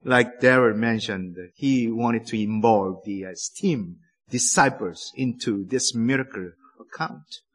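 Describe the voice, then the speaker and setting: A man preaching a sermon in a deliberate, emphatic way, with careful pauses between phrases. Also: on the high side, a bit bright.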